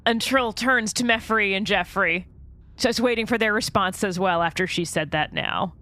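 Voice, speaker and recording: A woman playing a tabletop game, slowly and thoughtfully describing her character's actions. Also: medium pitch, pushed and bright. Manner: slow, thoughtful, wry. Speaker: player.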